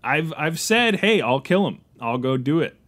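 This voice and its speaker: A man's voice: a little high, big pitch swings, normal speed, fairly bright tone. A man playing Tarzan's grown son, a would-be assassin, in an improvised comedy podcast, joking and dropping into a silly mock-English accent.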